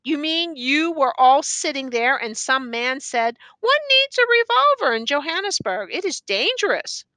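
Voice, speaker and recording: Grave, probing judge, read by a woman; stern measured questions, bright high delivery. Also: big pitch swings, dry recording, full character voice.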